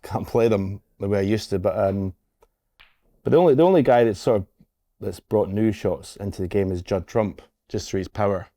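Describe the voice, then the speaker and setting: A man in his fifties with a lowish voice hosts a relaxed conversation. He asks questions in a casual, stop-start way, and his voice sounds close and dry. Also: moderate pace, dry recording. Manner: asks questions, many restarts and repeated words. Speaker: host. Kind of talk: casual chat.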